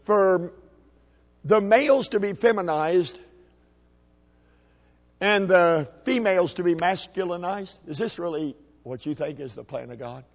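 Gravelly folksy preacher in an echoey hall. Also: male voice, sits high, animated, measured pace, long pauses. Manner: folksy, emphatic preaching with shouted peaks. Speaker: pastor. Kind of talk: sermon. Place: church sanctuary.

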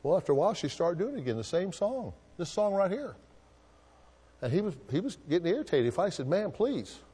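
A man's voice: high voice, sing-song, fast, mellow, husky, big-room sound. A male pastor preaching a sermon, drawing answers from the congregation with call-and-response questions.

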